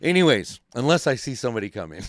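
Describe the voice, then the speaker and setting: A man hosting a podcast, telling a story in animated, profane, casual talk and acting out the voices of people in it. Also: medium pitch, fast talker, dry recording, studio quality. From California. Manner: animated, swears constantly, acts out voices in his stories. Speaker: podcast host. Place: podcast studio.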